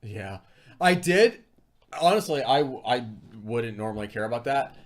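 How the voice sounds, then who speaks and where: A man's voice: mid-range voice, expressive, measured pace. Rambling man chatting on a livestream. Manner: rambling, self-deprecating storytelling with many fillers. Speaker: co-host of a food review livestream. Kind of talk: casual live-stream chat.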